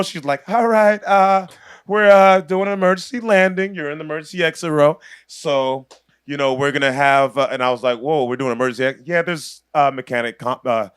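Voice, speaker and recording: A man's voice: mid-range voice, smooth, no echo, clean studio sound. A man in his thirties, a comedian guest on a podcast, telling a story with lots of energy, acting out the people in it and laughing as he goes. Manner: acts out other people's voices, laughs through the story.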